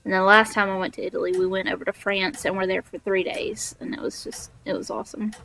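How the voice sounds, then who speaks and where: A woman's voice: medium pitch, flat delivery, fast talker, gravelly, sharp tone, slight background noise. A young woman from Alabama with a Southern accent, chatting in a bubbly, giggly way while she streams a game. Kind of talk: casual gaming livestream chat.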